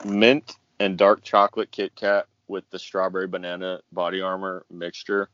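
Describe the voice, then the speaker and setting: A man's voice: low voice, little pitch movement, moderate pace, fairly bright tone, no echo. A man co-hosting a podcast, rambling and self-mocking in casual chat. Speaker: podcast co-host. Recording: dull lo-fi dry recording.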